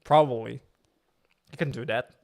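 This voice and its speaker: A man's voice: mid-range voice, moderate pace, gravelly. A man chatting casually on a live stream, joking and laughing at himself. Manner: joking, laughs often, self-mocking.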